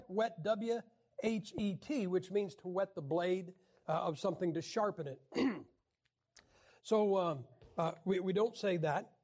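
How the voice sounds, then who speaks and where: A man teaching a class on the Bible in a wry, joking lecture style, often clearing his throat. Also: high-pitched, mellow.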